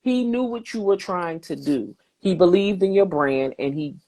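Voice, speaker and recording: A woman's voice: on the low side, lively intonation, moderate pace, mellow. A woman hosting a podcast, talking in an encouraging conversational way and repeating phrases for emphasis. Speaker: podcast host.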